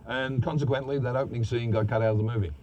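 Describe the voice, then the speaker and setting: A man's voice: mid-range voice, rapid-fire, muffled recording, slight background noise. A man telling profane, laughing anecdotes about his acting days in a casual interview. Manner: profane, laughing, animated storyteller.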